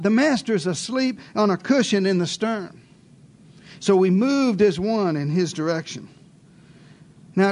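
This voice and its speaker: A man with a notably high voice delivers a sermon as a first-person story, speaking as one of the disciples. He moves between quiet, confiding asides and bold, raised lines, often turning to the listeners with questions. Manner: theatrical, shifting between hushed asides and raised exclamations; addresses listeners directly with rhetorical questions. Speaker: preacher.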